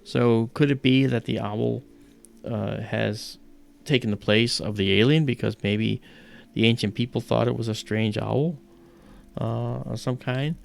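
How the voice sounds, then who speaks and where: A man's voice: medium pitch, steady tone, measured pace, creaky, soft background music. A middle-aged man hosting an astronomy livestream, chatting casually and rambling with lots of "you know".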